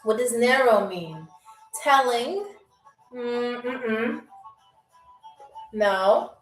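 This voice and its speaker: High-voiced playful woman hosting a stream. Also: lively intonation, extremely slow, roomy sound, distant mic, faint music behind, rough recording. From New York. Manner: playful, chatty, reads out viewer comments. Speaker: game show host. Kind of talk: live-stream game show hosting.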